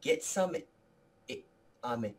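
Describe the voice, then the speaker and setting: A man's voice: mid-range voice, takes it slowly. A man being interviewed about his video production company, talking with energy and earnestness, often restarting his sentences. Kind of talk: casual interview talk.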